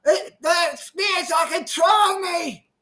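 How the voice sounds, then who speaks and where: A man putting on the voice of a panicked woman who says her tongue moves on its own, crying and shouting. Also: takes it slowly, exaggerated voice. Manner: crying, shouting, high-pitched.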